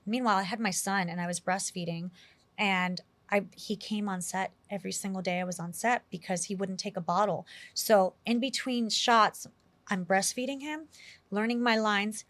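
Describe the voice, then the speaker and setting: A woman from New York City, an actress being interviewed, telling animated stories in a chatty way with lots of acted-out quotes. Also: mid-range voice, fairly quick, dry recording. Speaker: actress guest. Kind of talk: casual interview storytelling.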